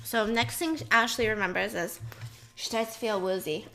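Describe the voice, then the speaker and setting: Bright, fast-talking woman storyteller. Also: mid-range voice, a little hiss or hum. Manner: fast, animated, chatty, with fillers and asides. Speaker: storyteller host. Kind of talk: casual true-crime storytelling.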